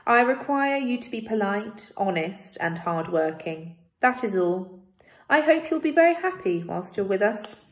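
A woman voicing an old male village schoolteacher in a read-aloud story, speaking clearly, measured and kind. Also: mid-range voice, animated, close to an everyday voice. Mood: kindly firm. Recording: roomy echo.

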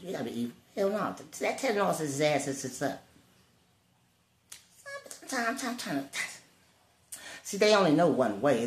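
A man's voice: mid-range voice, a little hiss or hum. Profane, rambling man preaching casually. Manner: profane, rambling preacher-like talk with loud bursts. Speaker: vlogger. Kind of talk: casual spiritual monologue. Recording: roomy with faint ambience.

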